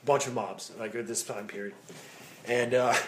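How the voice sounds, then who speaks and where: Over slight background noise, a Midwestern man speaks in a mid-range voice with fairly even intonation at a moderate pace. As a podcast co-host in casual chat, he tells long, meandering stories, peppering them with swearing and laughter.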